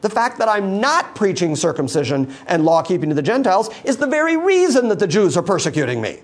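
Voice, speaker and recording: A man preaching a sermon, emphatic and repetitive, swinging from loud bursts down to quiet, low lines. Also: big pitch swings, quick pace. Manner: emphatic, repeating words for stress.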